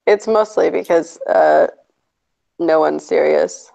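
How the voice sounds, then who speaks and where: A woman's voice: low-pitched, takes it slowly, gravelly, warm tone. A woman co-hosting a stream, joking and teasing in casual chat. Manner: jokey, teasing, laughs often. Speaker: co-host of a stream. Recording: lo-fi stream audio.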